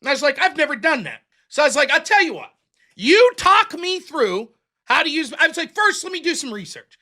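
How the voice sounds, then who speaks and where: A man's voice: extremely high pitch, very animated, fairly quick, pushed and bright. A man hosting a livestream show, telling a story casually, acting out both sides of the dialogue in a profane, self-mocking way.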